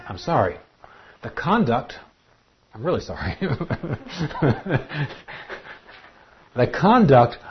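A male preacher delivering a sermon with animated emphasis. He has a mid-pitched voice, and the recording is dull and lo-fi with faint noise behind.

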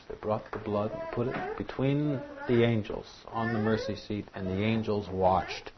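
Animated preacher man giving a sermon. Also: fairly low pitch, noisy background. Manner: animated, emphatic. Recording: dull lo-fi recording.

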